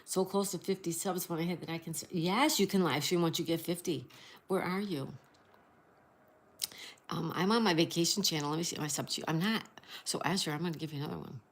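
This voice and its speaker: A woman's voice: on the low side, a little fast. A woman hosting a casual livestream, greeting viewers, reading chat aloud and spelling out crossword answers. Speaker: livestream host.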